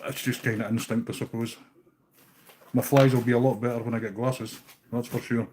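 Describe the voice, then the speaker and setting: A man's voice: mid-range voice, little pitch movement, brisk, a little mellow, slight background noise. A Scottish man hosting a live stream, chatting casually with viewers as he ties fishing flies, easygoing and now and then swearing. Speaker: livestream host tying fishing flies. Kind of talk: casual live-chat while working.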